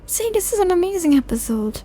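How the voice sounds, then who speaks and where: High, mellow soft-spoken young woman. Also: very animated, a little fast. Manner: rambling and self-deprecating, loses focus; soft-spoken with bits of whisper. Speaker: ASMR creator. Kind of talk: soft-spoken ASMR chat.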